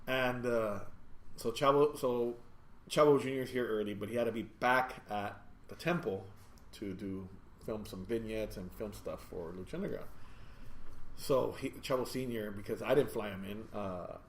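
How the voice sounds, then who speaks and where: A man hosting a podcast from his store, telling rambling, animated anecdotes in casual chat. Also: fairly low pitch, normal speed, a little hiss or hum. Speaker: podcast host and store owner. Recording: echoey room.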